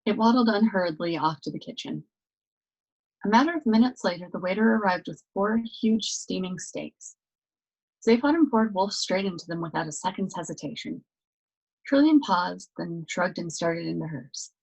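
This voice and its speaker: A woman reading a novel aloud as a storyteller, with steady, expressive narration. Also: lowish voice, normal speed, creaky, breathy edge, rough recording.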